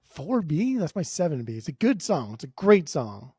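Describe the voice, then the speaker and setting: Swearing podcast co-host. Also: male voice, on the high side, moderate pace, husky, dry recording, studio quality. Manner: loose, swearing, laughing, animated. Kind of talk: casual chat.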